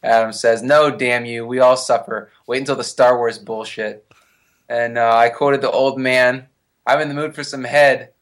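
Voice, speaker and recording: A man in a casual chat, talking at a middling pitch and mocking things with wry asides. He speaks in an easy, conversational way. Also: steady tone, moderate pace, a bit bright. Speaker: podcast co-host.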